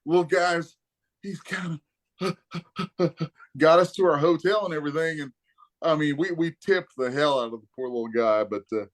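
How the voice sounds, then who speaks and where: A man spins a rowdy anecdote in a slightly raised voice, swearing freely and staying animated throughout. He has the loose, casual manner of a guest in a laid-back chat. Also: a little high, normal speed. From Kentucky, USA. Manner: profane, animated storyteller. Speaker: guest, comic artist.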